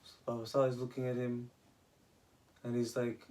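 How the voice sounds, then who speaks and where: A man's voice: medium pitch, monotone, normal speed, dark tone. A man casually telling a religious story, often restarting his sentences. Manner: retells with acted quoted dialogue and many restarts.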